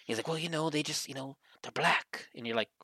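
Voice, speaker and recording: A man's voice: on the high side, a little fast, bright, forceful tone, slightly rough, no room sound. A man co-hosting a podcast in casual chat, rambling and swearing as he acts out other people's lines. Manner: rambling, profane, acts out quotes. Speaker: podcast co-host.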